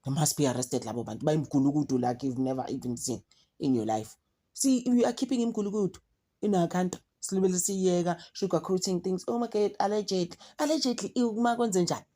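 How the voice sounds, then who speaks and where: South African woman vlogger, low warm voice, exasperated and animated commentary. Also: fast. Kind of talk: casual commentary mixing English and Zulu.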